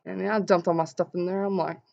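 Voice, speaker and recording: A young woman vlogger telling an animated story and acting out the quotes in voices. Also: lowish voice, a little fast, creaky. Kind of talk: casual storytelling vlog. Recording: dull lo-fi sound.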